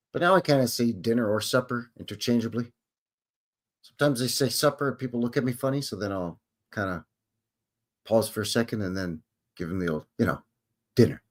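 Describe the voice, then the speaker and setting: A man's voice: medium pitch, fast talker. A man hosting a livestream, chatting casually with viewers in a rambling, self-questioning way. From Canada. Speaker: livestream host. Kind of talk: casual chat with live viewers.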